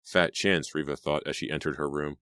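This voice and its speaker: A man narrating an audiobook in a steady storytelling manner. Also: a bass voice, brisk, clear, resonant tone, dry recording, clean studio sound.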